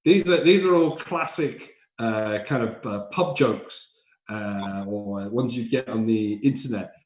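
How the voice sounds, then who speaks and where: This stand-up comedy teacher has a mid-range, darkish voice and talks a little slowly. Recorded in an echoey room, he explains how jokes are built in a live online session, slipping into silly little voices along the way.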